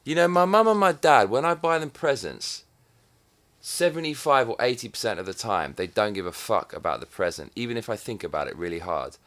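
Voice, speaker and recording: Talking to camera, this Englishman in his thirties runs through a sardonic, foul-mouthed comic bit, getting louder and quieter as he goes. He speaks a little fast at a medium pitch, with lively intonation.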